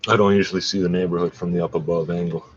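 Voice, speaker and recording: A man's voice: low voice, little pitch movement, racing, muffled recording, background noise. A man ranting in a profane, agitated, rambling way while scrolling through a screen share.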